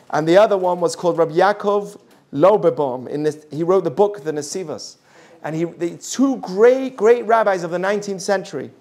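A man teaching a Jewish ethics class, animated, acting out the voices of the people he quotes. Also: sits high.

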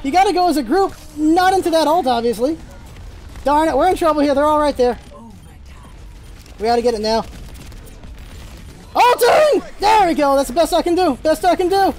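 Excitable and high-voiced, a gaming channel host delivers live gameplay commentary, firing rapid callouts at his teammates.

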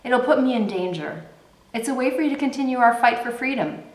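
A woman voicing a short, courteous male army sergeant who talks low and earnestly in a roomy space. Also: expressive, a little fast, a little mellow, natural voice. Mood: urgent, pleading. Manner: polite, low, earnest pleading. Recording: roomy echo.

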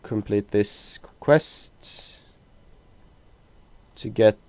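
A man's voice: on the low side, very slow, a little mellow, smooth, no room sound. A man with a Norwegian accent, giving casual gameplay commentary and joking at the game characters, swearing now and then. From Norway. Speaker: let's play commentator.

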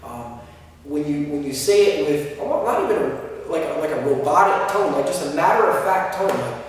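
A man's voice: on the high side, animated, normal speed. Man teaching in an echoey hall. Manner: practical, explains with spoken examples. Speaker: martial arts instructor. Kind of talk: instructional talk. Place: martial arts school. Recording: echoey room, distant mic.

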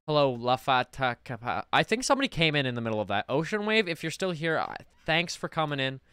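Lively man ranting in mock outrage. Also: on the high side, brisk, clean tone, no room sound, studio quality. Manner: melodramatic mock outrage, swinging between loud rants and muttering. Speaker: streamer. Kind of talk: live game stream commentary.

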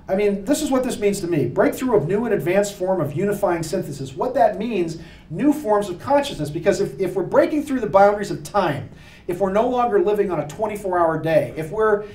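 A man giving an animated, jokey, preacher-like talk to a live audience. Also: high-pitched, distant mic. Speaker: speaker giving a lecture. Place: room with an audience. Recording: echoey room, voice picked up from afar.

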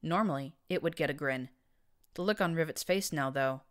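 A woman narrating fiction in first person, reading with a wry, even delivery. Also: sits low, moderate pace. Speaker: audiobook narrator.

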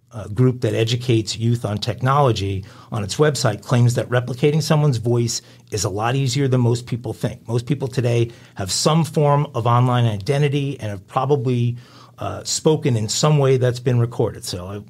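A man's voice: medium pitch, normal speed, a little mellow. Man reading crime news on a podcast. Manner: reads news stories aloud with filler uhs and asides. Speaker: podcast co-host.

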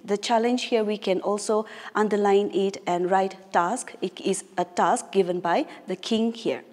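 A woman's voice: mid-range voice, steady tone, measured pace, few pauses, a little mellow. Patient woman teacher in an echoey room. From Nagaland, India. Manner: patient, explanatory, rereads and paraphrases lines. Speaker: English teacher. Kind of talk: classroom lesson explaining a story. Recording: echoey room with long reverb.

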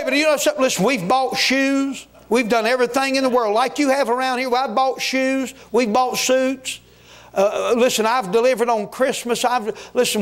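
A man preaching a fervent revival sermon in a church, exhorting his listeners and telling folksy stories along the way. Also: very high-pitched. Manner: folksy, exhorting, with storytelling asides. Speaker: guest preacher. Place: church sanctuary.

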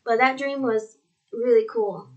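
A woman's voice: a little high, steady tone, a little slow, darkish tone, muffled recording. A young woman telling her dream to viewers in a casual, rambling way, repeating herself and using many fillers. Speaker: vlogger.

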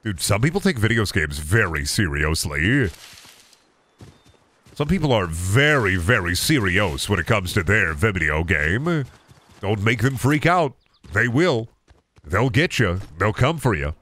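A man's voice: on the low side, sing-song, a little slow, a bit bright. A young man streaming a shooter game, joking around and swearing as he plays. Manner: joking, repetitive bits, swears often. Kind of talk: casual gameplay commentary.

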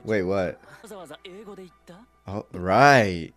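A man's voice: low-pitched, drawn-out words, a bit bright. A man giving casual reaction commentary on an anime episode, talking back to the screen with frequent exclamations and laughs. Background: faint episode soundtrack music.

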